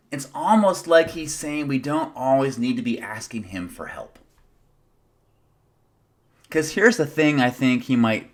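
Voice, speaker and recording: A man preaching a sermon as pastor, earnest, asking the congregation rhetorical questions and repeating phrases for emphasis. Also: medium pitch.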